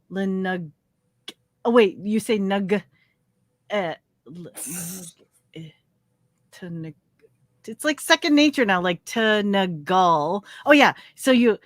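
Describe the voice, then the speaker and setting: A woman co-hosting a casual live stream, giggling often and trailing off in halting fillers. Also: mid-range voice, no echo, studio quality. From Canada. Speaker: co-host.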